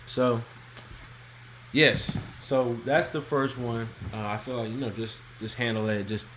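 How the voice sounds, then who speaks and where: A man's voice: mid-range voice, steady tone, measured pace, a bit bright, a little hiss or hum, rough recording. Laid-back man reading listener questions. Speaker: podcast co-host. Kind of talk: casual relationship advice chat.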